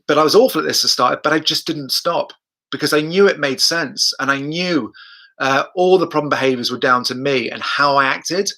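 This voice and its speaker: A man's voice: medium pitch, pushed and bright. A man, a dog trainer, talking through his methods and answering viewers' questions on a live stream, chatty, repeating himself and speaking the dog's thoughts aloud.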